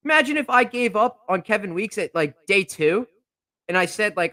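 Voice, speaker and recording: A man's voice: very high voice, sing-song, normal speed, pushed and bright, no room sound. Fired-up young male podcast host. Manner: fired-up, indignant, repetitive. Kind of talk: heated podcast rant. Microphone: podcast microphone.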